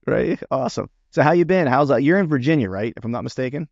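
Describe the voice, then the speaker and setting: A man's voice: mid-range voice, lively intonation, quick pace, a little mellow, dry recording, highs cut off. A man hosting a podcast, talking in a rambling, chatty way with lots of restarts and fillers. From Pennsylvania. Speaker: podcast host. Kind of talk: casual interview chat.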